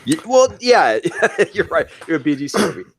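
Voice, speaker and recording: A man on a podcast roundtable, telling an excited story with lots of fillers and restarts. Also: fairly high pitch, fairly quick, gravelly. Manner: excited, animated storytelling with frequent fillers and swearing. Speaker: roundtable guest. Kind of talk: casual podcast chat.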